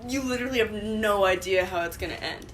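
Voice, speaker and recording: A young woman guest in a casual podcast chat, talking fast with lots of "like", and she has the hiccups. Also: medium pitch, fairly bright tone. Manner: chatty, heavy use of "like".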